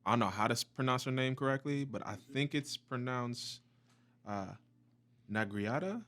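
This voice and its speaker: A young man co-hosting a podcast, relaxed and chiming in with eager agreement. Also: medium pitch, normal speed. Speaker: podcast co-host. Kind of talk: casual chat.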